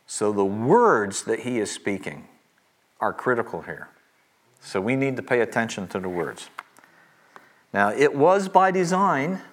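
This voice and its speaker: A middle-aged man teaching a Bible class, stressing key points by repeating them slowly. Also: mid-range voice, very animated.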